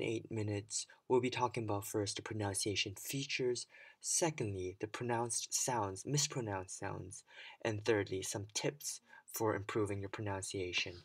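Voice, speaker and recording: A young man teaching English pronunciation for a speaking exam, with a clear, teacherly delivery that demonstrates stress patterns. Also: lowish voice. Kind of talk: scripted lesson to camera.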